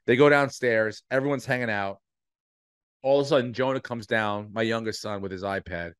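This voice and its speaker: A middle-aged man, a podcast co-host, telling a long animated story in casual chat, swearing freely and acting out the voices of people in it. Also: on the low side, a little fast, clean tone, dry recording, clean studio sound.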